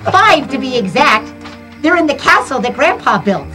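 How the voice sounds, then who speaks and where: A woman doing an eager young alien exchange student for a children's video, wide-eyed and cheerful. The voice sits high and bounces widely in pitch. Soft music plays underneath. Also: big pitch swings, normal speed, exaggerated voice.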